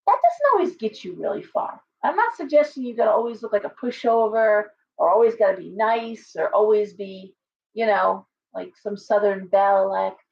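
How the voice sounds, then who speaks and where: A woman with a medium-pitched voice and vocal fry gives a casual live tarot reading, blunt and chatty, full of asides and restarts. The recording sounds distant, dull and lo-fi.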